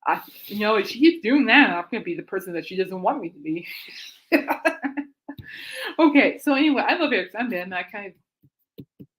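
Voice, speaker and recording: On her own music chat show, a woman delivers a loose, chatty monologue, laughing a lot, mocking herself and wandering off topic. Her medium-pitched voice is animated and fairly bright, at a moderate pace with long pauses.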